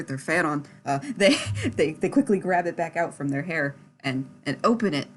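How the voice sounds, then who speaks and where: A young woman describing her character's actions in a tabletop game, halting with many restarts and fillers. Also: low voice. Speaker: player.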